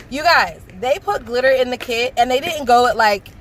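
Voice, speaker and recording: A woman from the Bronx, loudly and gushingly unboxing a nail kit in a sing-songy voice. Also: on the high side, lively intonation, moderate pace, hardly any pauses, a little hiss or hum. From the Bronx, New York. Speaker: nail beauty vlogger. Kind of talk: excited product unboxing.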